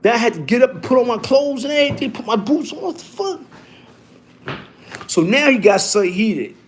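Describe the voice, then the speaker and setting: A man telling a story casually, in animated and profane street talk that keeps restarting and repeating itself. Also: very high voice, moderate pace, a little hiss or hum.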